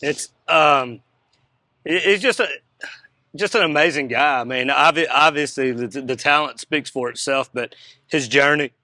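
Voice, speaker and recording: Male interview host; enthusiastic, laughs easily, bright tone. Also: fairly high pitch, moderate pace, no room sound. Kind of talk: casual interview.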